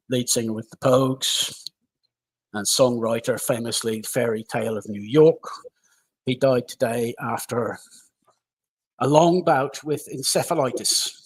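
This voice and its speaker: A husky man with a middle-pitched voice reads through a music news list on a live stream. He goes from item to item at a steady pace and adds short asides now and then. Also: poor audio. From United Kingdom. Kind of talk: reading a list of deaths and birthdays.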